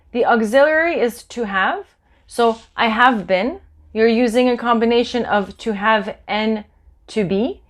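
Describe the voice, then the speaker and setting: A woman teaching a language lesson, speaking slowly and clearly, repeating phrases and spelling words out letter by letter. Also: on the high side. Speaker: French teacher. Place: Los Angeles.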